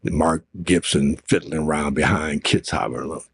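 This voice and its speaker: An older man telling a story in an interview, animated and profane, acting out what others said. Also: rumbling low, normal speed, husky, no echo, studio quality. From Oregon, US. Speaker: interview guest.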